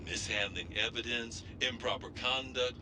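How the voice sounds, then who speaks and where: An actor playing a gossipy radio call-in host in a video game. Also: male voice, medium pitch, normal speed, noisy background, natural voice. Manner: gossipy, lively talk-radio delivery.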